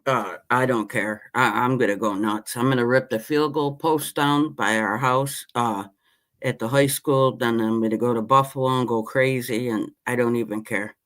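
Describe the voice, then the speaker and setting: A man's voice: mid-range voice, fairly even intonation, normal speed, a bit bright. A man, ranting passionately about his team as a podcast host in casual chat. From Western New York. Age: 50s. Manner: impassioned, rambling sports-fan rant.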